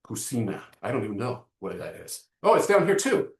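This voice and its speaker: A man hosting a live online marketing lesson, joking and talking straight to his audience in an animated way. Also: medium pitch, fairly quick, echoey room. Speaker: webinar host.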